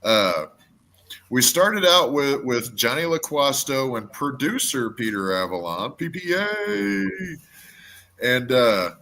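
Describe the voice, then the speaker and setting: A man's voice: mid-range voice, expressive, measured pace, pushed and bright. A man co-hosting a wrestling podcast, chatting casually, stammering and swearing as he rambles. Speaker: podcast co-host.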